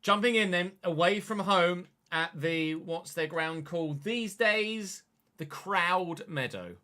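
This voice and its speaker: Speaking slowly in a high-pitched, sharp tone, a young gaming livestreamer plays a football management game, chatting casually, swearing, and reacting to his chat in live commentary.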